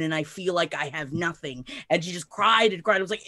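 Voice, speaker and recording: A woman's voice: mid-range voice, fast, hardly any pauses, fairly bright tone. A woman in casual chat, speaking earnestly and at length in long, heartfelt run-on sentences.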